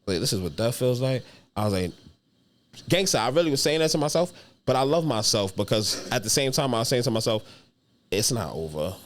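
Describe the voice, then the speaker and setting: Young New man, comedian guest, casual profane storyteller, mid pitch. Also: fairly quick, a little hiss or hum. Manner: animated, slangy, profane storytelling. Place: podcast studio.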